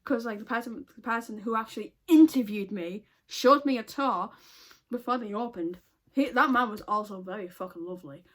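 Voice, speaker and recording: A woman's voice: on the high side, moderate pace, fairly bright tone. A young woman, telling a story casually in a profane, exasperated way. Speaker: vlogger.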